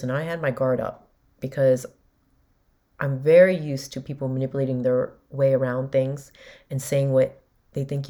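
Low-voiced woman telling a personal story. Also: warm tone. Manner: candid, emotional retelling with quoted dialogue. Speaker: podcast host.

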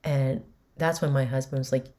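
A woman in her forties hosts a podcast and tells a personal family story. She speaks in a low voice, candid and emotional, and acts out what each person said. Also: steady tone, normal speed, mellow. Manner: candid, emotional retelling with quoted dialogue. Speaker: podcast host.

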